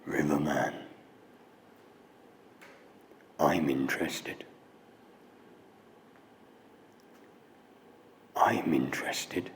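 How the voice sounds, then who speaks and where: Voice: rumbling low, unhurried, slight background noise, voice pushed down. A man voicing a huge, near-blind stranger with an American accent who imploringly calls out to the guide. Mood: hushed. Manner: imploring, calling out.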